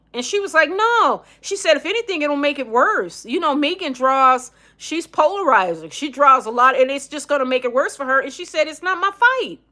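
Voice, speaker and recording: A woman's voice: fairly high pitch, sharp tone. A middle-aged woman hosting a casual opinion livestream, blunt and emphatic, reading viewer comments. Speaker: livestream host.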